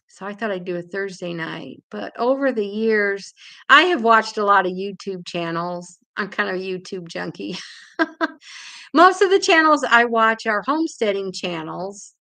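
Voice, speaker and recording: A woman's voice: medium pitch, a bit bright. An older woman with a Hoosier accent hosting a casual live-stream chat from home, rambling and laughing often. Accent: Indiana. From England. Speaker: livestream host.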